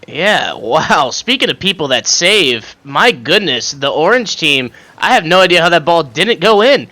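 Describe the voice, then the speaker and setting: A man's voice: fairly high pitch, very animated, a little slow, pushed and bright. A man doing color commentary on an esports match, cracking puns and laughing often.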